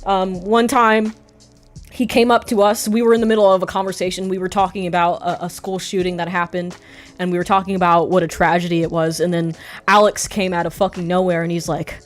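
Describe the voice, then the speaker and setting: A young woman streamer telling a story casually, rambling with frequent swearing and quick asides. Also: on the low side, flat delivery, soft background music.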